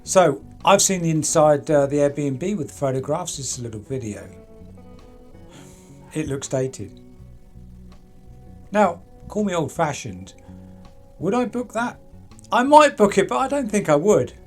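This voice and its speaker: A man's voice: a little high, lively intonation, unhurried, pauses often. Man doing true crime chat, asks loads of rhetorical questions, bit of music in the back. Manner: chatty, rhetorical, addresses people directly with questions. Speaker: true crime channel host. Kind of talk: casual true crime commentary to camera.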